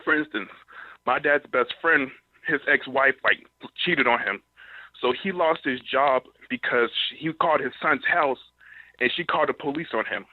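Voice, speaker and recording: A man calls in to a show, feeling his way through his question with halting filler words. His voice is of middling pitch and comes through a tinny phone line, dry, with no room sound. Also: no room sound. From North Carolina, US. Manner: hesitant, full of fillers. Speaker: caller.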